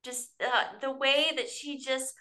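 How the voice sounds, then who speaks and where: A woman talking casually on a film panel, rambling and animated with lots of "like". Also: high voice, a little slow.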